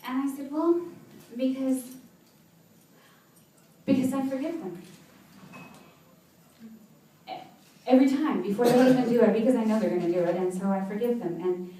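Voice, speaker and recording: A woman with a fairly high, mellow voice speaks at normal speed with frequent pauses, giving an inspirational talk to a seated audience in an event hall. The motivational speaker tells personal stories and laughs often. Her voice sounds far off in the echoey hall, with a little hiss or hum.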